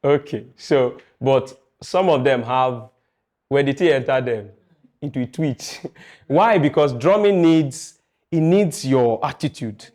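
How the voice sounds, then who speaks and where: A man's voice: mid-range voice, takes it slowly, a little mellow. A man teaching a music class, chatty and jokey, often asking his students questions. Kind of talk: classroom lecture.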